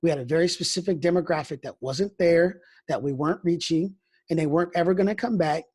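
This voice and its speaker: A man's voice: on the high side, fast talker, a little mellow, slightly rough. A man who is a pastor, speaking frankly in an interview and telling stories, often restarting his phrases. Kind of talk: candid conversational interview.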